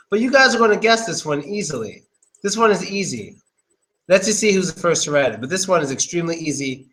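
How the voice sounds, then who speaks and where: A man's voice: fairly high pitch, bright, forceful tone, rough recording. A young man giving a casual, chatty English pronunciation lesson, drilling words over and over. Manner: chatty, loose, repeats words.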